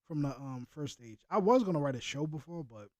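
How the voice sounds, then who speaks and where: Brief: high-voiced streamer guy, talks with viewers in loose slang, very animated. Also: brisk, no echo. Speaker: reaction streamer. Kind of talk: casual reaction chat.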